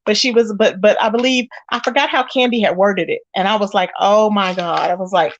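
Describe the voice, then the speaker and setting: Here the audio is dull, and the woman's mid-range voice moves at a quick pace. Hosting a gossipy live stream, she keeps up chatty, casual commentary, speaking directly to viewers and frequently breaking into exclamations.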